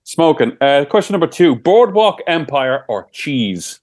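Lively, teasing podcast host. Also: male voice, a little high, a little slow. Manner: teasing, laughs often, swears casually. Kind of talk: casual podcast banter.

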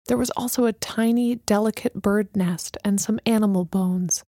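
A woman reads an audiobook in a steady, measured way. Her voice sits in the mid-range, and the recording is dry with studio quality.

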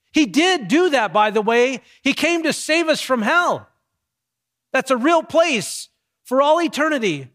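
A man, a pastor with young kids, preaching a sermon with emphatic, measured delivery and dramatic pauses. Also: very high voice, a bit bright.

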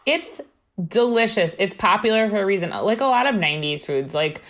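A woman's voice: mid-range voice, expressive, fairly quick. A woman with a Long Island accent in casual chat, blunt and joking, swearing freely and laughing often.

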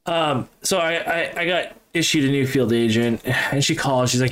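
A man's voice: on the high side, a little fast. A man from New Hampshire chatting casually on a podcast, profane and rambling as he tells stories. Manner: profane, rambling, animated storytelling. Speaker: podcast guest, gun business owner. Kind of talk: casual chat.

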